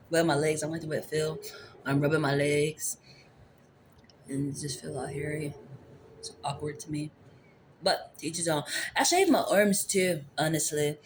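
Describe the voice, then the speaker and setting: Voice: mid-range voice, a little hiss or hum. An adult tarot reader giving a casual, rambling spiritual reading into a phone camera, returning to the same phrases. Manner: rambling, repeats favorite phrases.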